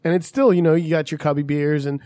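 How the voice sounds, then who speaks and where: A man's voice: on the high side, steady tone, quick pace, mellow. A man in casual chat, telling rambling stories full of swearing and acted-out voices.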